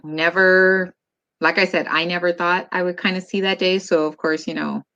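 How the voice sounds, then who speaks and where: A woman in her forties, a mother talking as a guest in a casual interview, telling family stories in an animated way with laughs. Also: on the low side, moderate pace, highs cut off. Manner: warm, animated storytelling with laughs.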